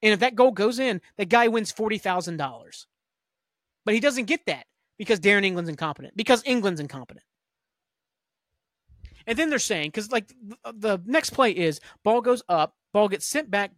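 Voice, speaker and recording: A man's voice: sits high, animated, fairly bright tone, no room sound, clean studio sound. A man hosting a sports talk podcast, ranting angrily and profanely about refereeing. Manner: profane, heated, fast-talking rant. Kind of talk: angry ranting commentary.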